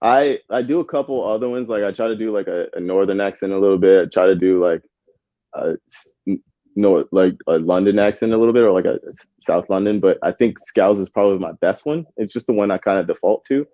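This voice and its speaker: A man's voice: deep voice, fast talker, dark tone, no echo, muffled recording. A man co-hosting a live match watchalong, chatting casually with slang and frequent laughs. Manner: laid-back, laughs often, slangy. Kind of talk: casual live-stream chat.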